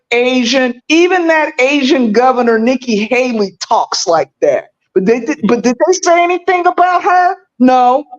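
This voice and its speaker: A woman's voice: high voice, dull audio. A woman calling in to a live stream, arguing emphatically and throwing out rhetorical questions. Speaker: caller. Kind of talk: call-in commentary.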